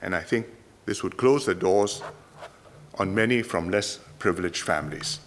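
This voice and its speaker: A man from Singapore with a Singaporean English accent, giving a speech in a parliament chamber in measured, emphatic short phrases. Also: low voice, a little hiss or hum. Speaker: politician.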